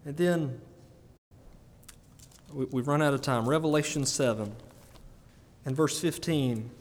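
A man preaching a sermon, animated and often breaking into laughter between emphatic peaks. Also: medium pitch, a little slow. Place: church sanctuary. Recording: long church reverb.

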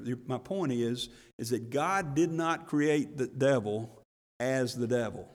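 A man's voice: mid-range voice, a little slow, big-room sound. A male pastor giving a sermon, talking in a folksy way that builds into emphatic, rising bursts.

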